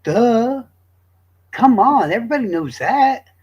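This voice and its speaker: Profane high-voiced man. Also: lively intonation, a little slow, breathy edge. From Florida. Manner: profane, rambling, joking. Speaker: streamer. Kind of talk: crude casual commentary.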